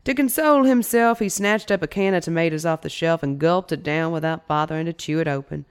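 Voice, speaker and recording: A woman's voice: low voice, brisk, few pauses, smooth. A woman co-hosting a podcast, reading a folktale aloud and then bantering playfully. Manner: lively storyteller, playful banter. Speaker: podcast co-host.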